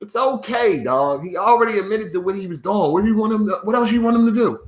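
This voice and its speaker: A man's voice: high-pitched, lively intonation, fast, roomy sound. A man ranting to his viewers as a gaming YouTuber, profane and mocking, often breaking into laughter.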